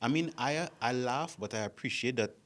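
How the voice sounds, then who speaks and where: A man with a Trinidadian accent in a casual group discussion, measured and repeating his points for emphasis. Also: mid-range voice.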